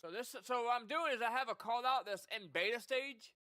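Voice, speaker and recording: A man's voice: very high voice, a little fast, bright, forceful tone, dry recording. A young man streaming a game, chatting loosely, swearing and laughing often. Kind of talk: casual gameplay commentary.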